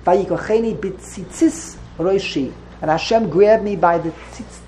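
A woman leads a classroom text study in an ordinary middle-pitched voice. She explains step by step, repeating words and correcting herself as she goes. Faint background noise sits under her voice. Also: moderate pace, hardly any pauses, warm tone, poor audio. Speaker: religious text teacher. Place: classroom with students.

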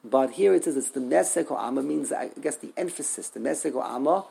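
A man's voice: medium pitch, brisk, gravelly, dark tone, husky. A man teaching a text study class, thinking aloud, repeating words and asking rhetorical questions.

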